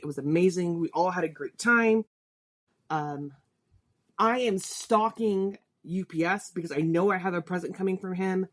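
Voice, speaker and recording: Woman, middle-aged, podcast host, personal storytelling, low pitch, chatty. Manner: chatty, candid, spirited when telling a story.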